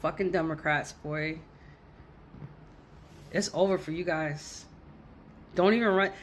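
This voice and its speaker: A woman's voice: sits low, fairly even intonation, slow, slight background noise. A woman filming an angry reaction rant to camera, heated and profane, repeating her points for emphasis. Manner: heated, profane, repetitive ranting. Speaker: social media commentator.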